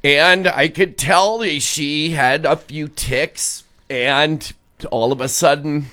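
A man's voice: a little high, steady tone, slow pace, pushed and bright. A man cohosting morning radio, telling a rambling story with restarts and hedges.

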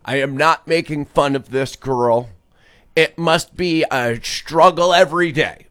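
A man's voice: on the high side, unhurried, fairly bright tone. A man cohosting morning radio, telling a rambling story with restarts and hedges.

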